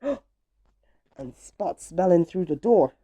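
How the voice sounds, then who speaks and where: A woman's voice: lowish voice, animated, very slow, dark tone, breathy edge, dull audio. A woman reading children's picture books aloud, gasping at each page and talking to young listeners. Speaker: storybook reader.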